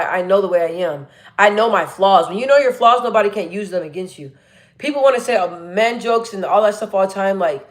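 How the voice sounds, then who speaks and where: Chatty woman on a livestream, deep voice pushed up a bit, blunt, lotsa energy, mid pitch. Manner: chatty, blunt and energetic, full of fillers and restarts. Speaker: live streamer reading chat comments. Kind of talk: casual live-stream chat.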